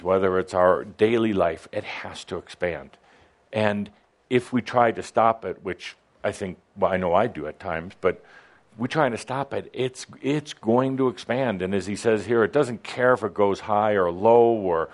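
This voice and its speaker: A man co-hosting a casual spiritual discussion, talking in a relaxed, halting way with many restarts. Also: lowish voice. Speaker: co-host discussing channelled teachings.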